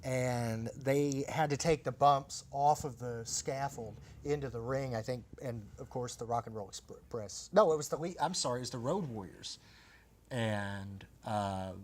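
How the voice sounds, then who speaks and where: A man's voice: mid-range voice, normal speed. A man hosting a casual panel chat, telling stories with energy and putting questions to the others. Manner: animated storyteller, asks others questions.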